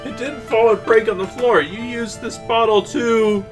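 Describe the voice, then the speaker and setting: A man's voice: extremely high pitch, fairly even intonation, moderate pace, soft background music. A man voicing an earnest young male defense lawyer in game dialogue, pressing with pointed questions. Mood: accusing.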